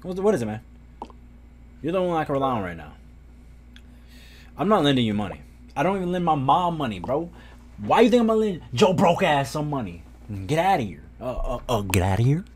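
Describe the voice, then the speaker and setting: A man's voice: a little high, very animated, fairly quick, long pauses, a little hiss or hum. A young man giving casual, joking let's-play commentary full of "bro" slang, recorded on a desk mic at home. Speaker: gaming YouTuber.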